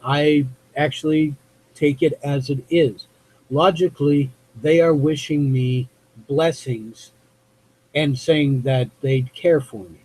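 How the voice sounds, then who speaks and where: A man from the US West Coast hosting a live call-in show, talking off the cuff in a rambling, halting way as he searches for words. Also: a little high, fairly even intonation, darkish tone, poor audio. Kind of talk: unscripted monologue to chat viewers.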